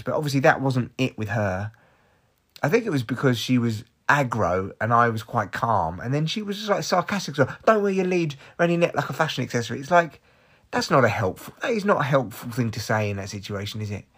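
A man's voice: mid-range voice, big pitch swings, a little fast, fairly bright tone, breathy edge. A male comedian talks alone into his podcast mic, in a middle-of-the-road voice. He rambles and swears freely, candid and self-mocking as he tells his story. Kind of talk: casual solo podcast monologue.

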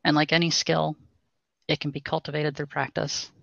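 A woman voice coach speaks in a measured, instructive way during a podcast interview. Her voice has a gravelly, fried texture. The recording is dry and a little dull. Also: low-pitched, no room sound. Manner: calm, instructive, measured explanations. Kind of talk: podcast interview, explaining voice training.

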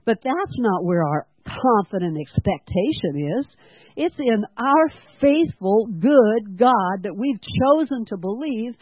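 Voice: mid-range voice, breathy edge, no echo. A church-school teacher preaching a sermon in an earnest way, asking the congregation questions and having them repeat lines. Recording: dry, tinny phone-like sound.

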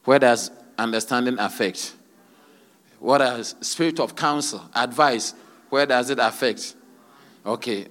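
A male pastor delivers a sermon in a church, his voice sitting at an ordinary middle pitch. He drives his points home with repeated hallelujahs and questions thrown back at the congregation. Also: a bit bright. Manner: preaching with frequent hallelujahs and rhetorical questions.

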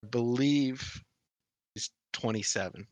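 A man co-hosting a podcast, answering quiz questions in casual chat, blunt and quick to swear and laugh. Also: mid-range voice, dry recording. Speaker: podcast co-host.

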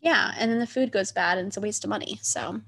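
A woman's voice: mid-range voice, fast, a bit bright, a little hiss or hum. A young woman co-hosting a casual podcast, chatty and giggly, rambling through stories. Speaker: podcast co-host. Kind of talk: casual chat.

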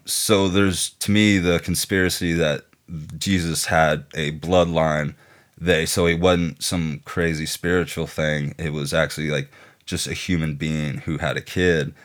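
A man's voice: deep voice, fairly bright tone. A man with a Southern American accent chatting loosely as a podcast co-host, full of fillers like "you know" and "like". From Southern United States. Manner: rambling, filler-heavy. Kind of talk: casual chat.

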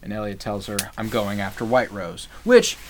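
A man's voice: on the low side, steady tone, normal speed, a little hiss or hum. A man co-hosting a podcast, recapping a TV episode in casual chat, laughing often and swearing freely. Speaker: podcast co-host.

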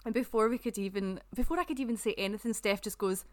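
A young Scottish woman co-hosting a podcast, telling travel stories in a giggly, animated way. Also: on the high side, quick pace. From Scotland. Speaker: podcast co-host. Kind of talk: casual storytelling chat.

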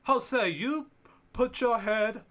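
A man's voice: extremely high pitch, very slow, pushed and bright, voice pushed up, full character voice. A man putting on a menacing English nanny with an exaggerated English accent.

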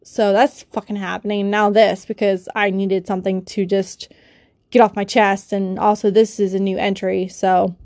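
A woman's voice: mid-range voice, flat delivery, normal speed, darkish tone, no echo, clean studio sound. A young woman with a cold and a stuffy nose, ranting emotionally in a personal vlog, swearing and rambling with many fillers and restarts, recorded on a phone or built-in mic. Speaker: vlogger.

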